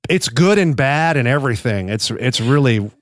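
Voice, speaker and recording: A man's voice: medium pitch, animated, moderate pace, dry recording, clean studio sound. A man co-hosting a podcast in casual, joking chat, with easygoing fillers. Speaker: podcast co-host.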